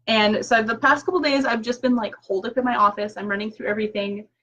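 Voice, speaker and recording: A woman's voice: on the high side, steady tone, quick pace, fairly bright tone, low-quality recording. A woman chatting casually and upbeat through a live-stream recap from her home office, full of fillers and quoted asides. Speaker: direct sales consultant. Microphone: laptop mic.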